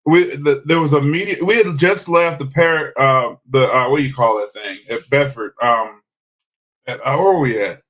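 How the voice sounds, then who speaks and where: A man's voice: mid-range voice, moderate pace, fairly bright tone. A man, chatting casually as co-host of a live podcast, rambling with hesitant restarts. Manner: rambling, hesitant restarts, defensive when teased. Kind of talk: casual live-stream chat.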